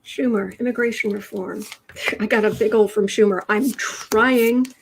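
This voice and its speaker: Speaking fairly quickly in a gravelly mid-range voice with fairly even intonation, this Chicago-born tarot and astrology livestreamer reads cards live and fields chat questions. Her style is chatty and wry, with frequent trail-offs and restarts, and she talks from a home room with adjustable lighting over slight background noise.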